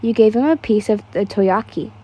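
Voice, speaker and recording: A woman's voice: medium pitch, normal speed, warm tone, breathy edge. A young woman casually reading fan fiction aloud, stumbling over words and laughing at the text.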